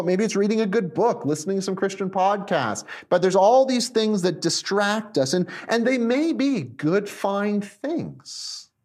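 A man preaching a sermon, animated, shifting between emphatic lines and hushed ones. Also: fairly high pitch. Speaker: pastor. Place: recorded for viewers at home.

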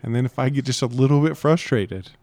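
Deadpan young man podcast co-host. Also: mid-range voice, quick pace, dry recording. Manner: dry, deadpan joking. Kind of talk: casual chat.

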